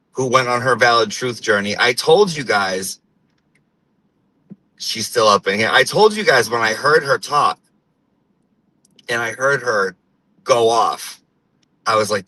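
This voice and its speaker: A man's voice: medium pitch, slow, long pauses, bright, forceful tone, poor audio. A man hosting a show, talking in a casual, profane and rambling comedic monologue. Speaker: host.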